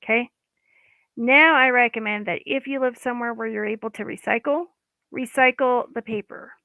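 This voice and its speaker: A slightly high, gravelly woman's voice with a sharp tone and normal speed leads a casual, guided self-help talk from an EFT coach. She keeps it chatty and informal, at times dropping her words mid-sentence. There's no echo, and the line sounds dry, like a phone.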